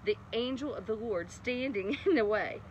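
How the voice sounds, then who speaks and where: Chatty lady reading a bible story at bedtime, kinda high voice, traffic noise outside. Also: moderate pace. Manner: chatty, laughs often, lively asides. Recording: noisy outdoor background with traffic.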